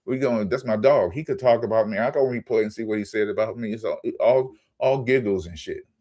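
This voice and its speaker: A low-voiced man rants about sports on his own channel. He talks in a heated, profane way, stumbling and repeating words as his anger builds. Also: fairly quick, warm tone. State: angry. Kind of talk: ranting sports commentary.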